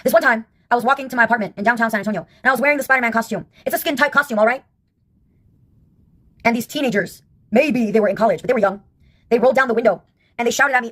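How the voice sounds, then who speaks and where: Fast-talking wry woman in her fifties. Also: on the high side, a bit bright. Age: 50s. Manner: wry, sarcastic, laughs at her own stories. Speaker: vlogger. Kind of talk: casual storytelling monologue.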